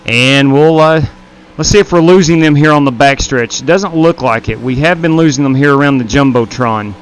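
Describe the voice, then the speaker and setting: A man's voice: a little high, moderate pace, clean tone. A man hosting a live sim-racing stream, casually commenting on replays and frankly owning his own mistakes. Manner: candid, self-blaming, talks as he rewinds replays. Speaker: stream host and league race director.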